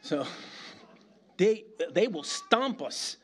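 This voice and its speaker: Animated preacher man from New York. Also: sits high, very slow, husky. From New York City. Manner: animated, conversational preaching with slang and asides. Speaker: pastor. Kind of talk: sermon.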